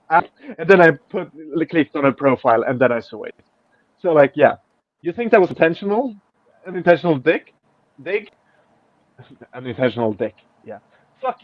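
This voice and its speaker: Brash host, sweary and mocking, slightly high voice, dull lo-fi recording. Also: male voice, dry recording. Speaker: podcast host. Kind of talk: casual chat, reading out tweets. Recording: dull lo-fi, dry.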